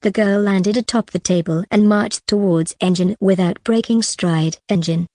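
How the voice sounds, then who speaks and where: Woman audiobook narrator, steady fantasy reading, mellow voice, dry recording. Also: medium pitch, moderate pace, no echo.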